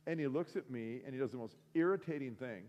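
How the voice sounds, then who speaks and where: A man giving a sermon testimony, telling his story in an animated way and acting out the conversations. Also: medium pitch, fast, long reverb tail, highs cut off. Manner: animated storytelling, acts out dialogue. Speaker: guest speaker. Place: school auditorium.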